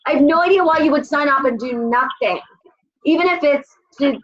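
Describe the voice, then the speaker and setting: A woman's voice: sits high, brisk, highs cut off. A woman leading a casual motivational call for her sales team, blunt and swearing as she gives tough love.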